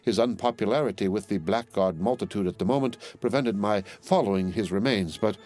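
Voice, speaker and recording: A man voicing a slippery, smooth-talking male spy who speaks in a wheedling, evasive way. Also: fairly low pitch, a little fast, a little mellow, natural voice. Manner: wheedling, evasive, hesitant fillers.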